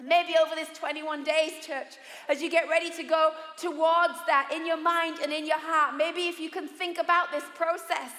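A woman pastor preaching a sermon, lively and humorous, acting out the voices she quotes. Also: high voice, normal speed, hardly any pauses. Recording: echoey hall with long reverb.

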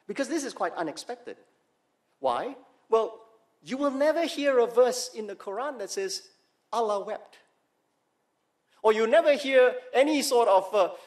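A male pastor delivering a sermon, emphatic, with slow dramatic pauses on key words and rhetorical questions to the congregation. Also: very high voice.

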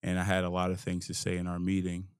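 A young man hosting his own show, telling a long personal story in a casual, animated and profane way, acting out the scenes and his own thoughts as he goes. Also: low-pitched, fast talker, smooth, dry recording, studio quality. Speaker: host.

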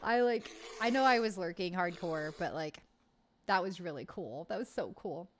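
Bubbly woman streamer, lively pitch. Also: normal speed, slight background noise. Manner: bubbly, swears freely, laughs often. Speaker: livestream host. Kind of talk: casual chat reading live comments.

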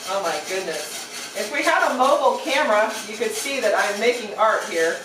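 A woman's voice: fairly high pitch, lively intonation, fairly quick, reverberant, distant mic, noisy background. A woman hosting a casual cooking demonstration, chatty and playful as she talks through each step. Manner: chatty and playful, narrates steps aloud. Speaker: cooking show host.

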